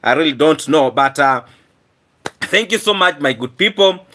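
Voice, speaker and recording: A hoarse man chatting on his live stream, his raised voice sharp and bright despite the rough throat. He keeps clearing his throat and thanks viewers over and over in an earnest, repetitive way. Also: on the high side, lively intonation, normal speed.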